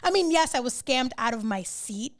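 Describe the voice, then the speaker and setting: A woman co-hosting a podcast, telling stories in a casual, animated way and swearing freely. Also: high-pitched, moderate pace. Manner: animated storytelling, swearing, laughing often. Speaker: podcast co-host. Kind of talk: casual chat.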